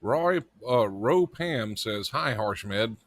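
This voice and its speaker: A man's voice: lowish voice, lively intonation, extremely slow, a bit bright, no room sound. A man co-hosting a live internet radio stream as its producer, rambling and joking with casual swearing. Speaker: producer and co-host.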